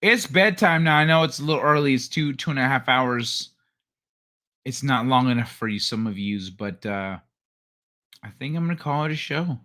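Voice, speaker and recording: A man's voice: medium pitch, animated, normal speed, bright, forceful tone. A middle-aged man hosting a late-night livestream, chatting loosely with his viewers, joking and swearing freely. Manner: loose, profane, joking with chat. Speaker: livestream host. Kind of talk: casual late-night stream chat.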